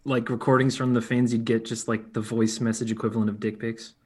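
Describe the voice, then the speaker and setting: A man's voice: mid-range voice, little pitch movement, brisk, husky. A man in casual podcast banter, joking and crude. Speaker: podcast regular. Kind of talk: casual chat.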